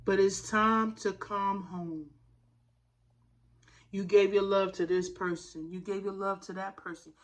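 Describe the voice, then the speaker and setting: A woman's voice: mid-range voice, steady tone, measured pace. A woman giving a spiritual tarot reading in a fervent, preacher-like way, calling her listeners y'all. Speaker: tarot reader.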